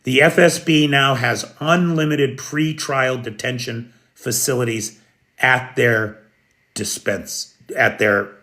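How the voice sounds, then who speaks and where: A man's voice: medium pitch, fairly even intonation, slow, sharp tone. An American man giving live news commentary, emphatic and opinionated, calling out viewers by name. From United States.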